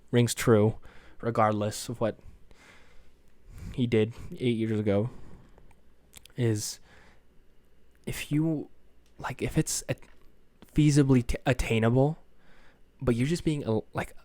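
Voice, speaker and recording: A man's voice: mid-range voice, dark tone, no room sound. A tired young man hosting his own podcast, rambling in casual chat, swearing freely and apologizing for himself. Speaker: podcast host.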